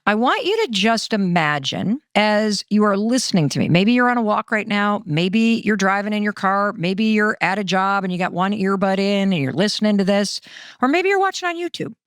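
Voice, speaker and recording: A woman in her fifties hosting a solo podcast, talking straight to listeners in an animated way, sometimes acting out her own thoughts with sighs and whispers. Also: mid-range voice, moderate pace, dry recording, clean studio sound. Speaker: podcast host.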